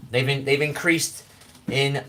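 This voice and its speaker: A weary livestreamer with a West Country English accent meanders through casual talk and reads chat names aloud, recorded on a phone at home after little sleep. His mid-range, fairly bright voice stays fairly even and unhurried, with slight background noise.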